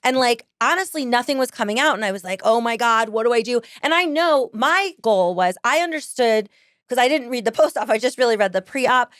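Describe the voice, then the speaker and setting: Podcast host, woman, casual storyteller; slightly high voice, close dry mic, lively and quick to laugh. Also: dry recording. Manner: animated, laughs often, quotes people in voices.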